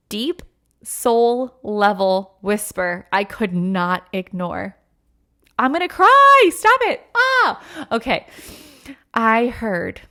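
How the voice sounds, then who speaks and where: Woman host, thirties, slightly high voice, earnest and emotional, heavy fillers, personal podcast monologue. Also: a bit bright. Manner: acts out quoted voices with sudden pitch jumps.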